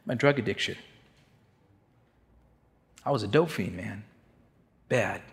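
A man's voice: on the low side, slow. A man telling a candid, emotional testimony to a congregation in a streetwise way. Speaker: speaker giving a testimony.

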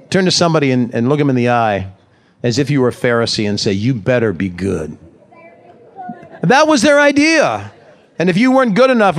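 Conversational pastor preaching to a congregation. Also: male voice, on the high side. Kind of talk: sermon. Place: church service.

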